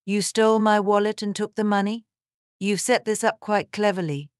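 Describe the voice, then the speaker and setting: A smug, wealthy businessman mocks and brushes people off in a sarcastic tone, as a woman narrator puts him on. The voice stays smooth and clear, and the sound is dry and close. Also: medium pitch, fairly even intonation, moderate pace, no room sound, close to an everyday voice. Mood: mocking. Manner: sarcastic, dismissive.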